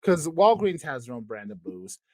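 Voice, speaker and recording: A man's voice: mid-range voice, sing-song, moderate pace, mellow, dry recording. A man co-hosting a podcast in casual chat, rambling, trailing off and restarting his sentences, swearing now and then. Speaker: podcast co-host.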